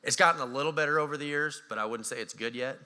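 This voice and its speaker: A man with an American accent preaching a sermon as pastor, animated and acting out voices with a touch of sarcasm. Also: medium pitch, very fast, clean tone. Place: church hall. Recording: church hall reverb.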